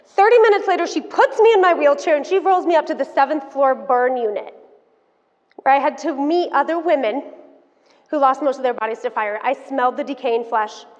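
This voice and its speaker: A woman in her thirties giving a motivational keynote talk, telling her story in an animated, frank and playful way to the audience. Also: high-pitched, brisk. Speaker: keynote speaker. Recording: dull sound, long hall reverb.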